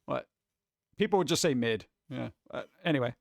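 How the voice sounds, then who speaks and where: A man's voice: mid-range voice, expressive, normal speed, creaky, no echo, clean studio sound. A man hosting a live stream, chatting casually and reading chat aloud in a rambling, jokey way with muttered asides.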